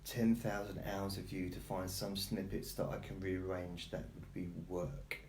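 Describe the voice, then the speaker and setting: A man voicing his pet cat as a lazy, sarcastic male, in a slow, low drawl. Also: flat delivery, reverberant, background noise.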